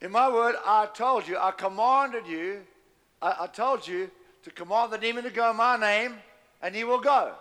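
Stern divine figure, commanding, shouting, man doing the voice, bright forceful tone. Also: high voice, moderate pace, voice pushed up.

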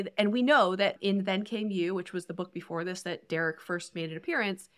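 A woman co-hosting a podcast, talking through a romance novel in an animated, emphatic way. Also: medium pitch. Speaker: podcast co-host. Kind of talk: casual book discussion.

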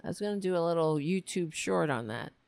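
A woman's voice: on the low side, lively intonation, fairly quick, creaky, darkish tone, no room sound. A woman hosting a political commentary show, ranting in a sarcastic, mocking and profane way.

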